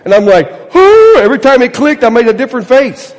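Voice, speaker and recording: A middle-aged man, a pastor, telling a story in a sermon with animated delivery, acting out voices, then easing into a soft, quiet prayer. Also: extremely high pitch, quick pace. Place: church sanctuary. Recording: long church reverb.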